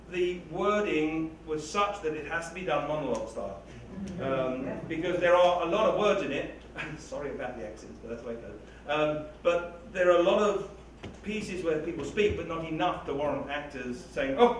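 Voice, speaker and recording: A man's voice: fairly high pitch, moderate pace. A man talking casually to a live audience, rambling and self-deprecating. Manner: rambling, self-deprecating, chatty with frequent laughs. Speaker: writer or reader speaking to a live audience. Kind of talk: casual talk-back with an audience. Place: hall with an audience. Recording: echoey hall recording from far off, noisy.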